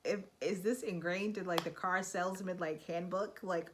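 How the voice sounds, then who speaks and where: A young woman vlogging in a relaxed, chatty way, her voice sitting a little low for a woman. She keeps slipping into quick acted-out exchanges as she gives practical advice. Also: slight background noise. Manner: chatty, acts out quoted dialogue. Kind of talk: casual advice vlog.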